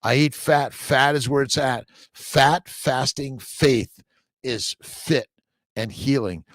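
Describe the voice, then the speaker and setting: A man's voice: mid-range voice, takes it slowly, fairly bright tone, no room sound. An older man hosting a casual morning livestream, reading out viewer comments and talking in rambling bursts with emphatic repeats. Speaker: livestream host.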